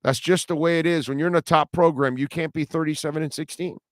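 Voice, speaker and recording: A male sports talk host with a slightly higher voice, smooth and resonant, recorded dry and close. He rambles in a casual, animated way, trips over his words and circles back. His delivery is loose and conversational. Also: fast, no echo. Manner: animated, laughing, rambling with restarts.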